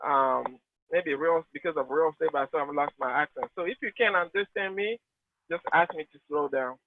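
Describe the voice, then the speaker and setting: A man in his late thirties from Togo with a Togolese accent, a real estate agent answering interview questions in an earnest, animated way. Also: a little high, fairly quick, a little hiss or hum. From Togo, West Africa. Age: 30s. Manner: earnest, animated, with frequent restarts. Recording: tinny, dry phone-like call line.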